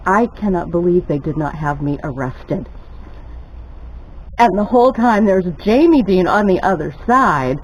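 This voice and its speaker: An older woman telling a lively story while she cooks at home, chatty and laughing often. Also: fairly low pitch, a little slow, breathy edge, poor audio. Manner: chatty, laughs often, gets excited retelling stories. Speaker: cooking vlogger. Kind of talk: casual storytelling while cooking.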